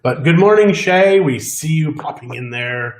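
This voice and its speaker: A man co-hosting a casual live-stream chat, joking and teasing through relaxed banter. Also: fairly high pitch, unhurried, reverberant, a little hiss or hum. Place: home in Mexico.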